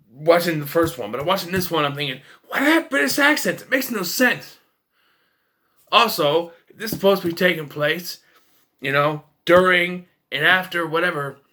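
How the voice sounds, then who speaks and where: A man's voice: high voice, sharp tone. A man casually ranting about a film as a reviewer, profane and sarcastic. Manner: ranting, profane, jumps into mocking voices.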